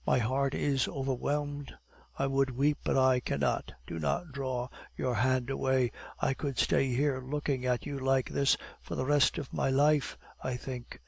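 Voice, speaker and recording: A man reading the part of a devoted, adoring young woman in an audiobook, in a gentle, earnest manner. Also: mid-range voice, level tone, measured pace, gravelly, breathy edge, no room sound.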